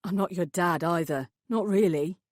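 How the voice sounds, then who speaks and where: A quiet, subdued middle-aged father, nervous and full of guilt, as a woman puts him on in an audiobook. He speaks a little lower than the narration, close and dry. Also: moderate pace, no room sound, natural voice. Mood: tense.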